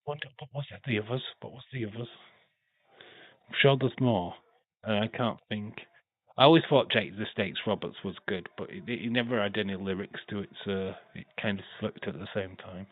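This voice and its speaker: A man's voice: lowish voice, moderate pace, no echo. Man streaming casual wrestling commentary, phone-like sound. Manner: chatty, profane, laughs often. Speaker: watch-along streamer. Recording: tinny phone-like dry sound.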